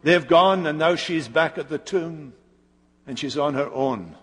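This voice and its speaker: Man preaching slowly in a hall. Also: fairly high pitch, husky. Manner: slow, dramatic storytelling with pauses. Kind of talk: sermon.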